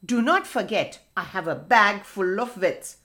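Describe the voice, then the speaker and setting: A woman's voice: medium pitch, lively intonation, unhurried, fairly bright tone. A woman voicing a proud, boastful male fox who talks in a bossy way in a children's story. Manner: boastful and bossy, whining when stuck.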